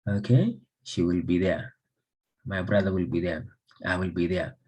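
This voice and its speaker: A man from Somalia teaches English grammar. His voice is very husky, low and mellow. He drills example sentences again and again and quizzes the class with questions. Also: normal speed, poor audio. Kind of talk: grammar lesson.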